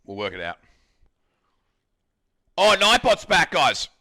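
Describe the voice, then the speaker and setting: Australian streamer guy cooking in his kitchen, super bright tense voice, swears a lot talking to chat. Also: on the high side, huge pitch swings, slow, vocal fry. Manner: loose, swearing banter with chat. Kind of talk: casual live-stream chat while cooking. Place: home kitchen.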